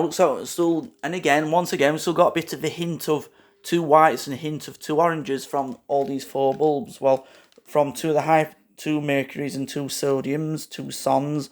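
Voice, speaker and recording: A man rambling through a casual show-and-tell vlog, halting and correcting himself often, with frequent fillers and asides to his viewers. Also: a little high. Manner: keeps addressing viewers as "guys". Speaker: lighting hobbyist vlogger.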